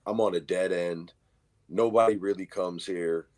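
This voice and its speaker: A middle-aged man with a New York accent, co-hosting a casual chat and telling animated stories full of swearing, acting out what people said. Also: deep voice, a little slow. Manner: animated storyteller, acts out quotes, heavy swearing. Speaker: co-host.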